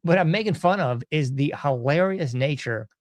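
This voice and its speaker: A man's voice: a little high, animated, normal speed, no echo. A man hosting a podcast in casual commentary, folksy and sarcastic, often chuckling. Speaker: podcast host.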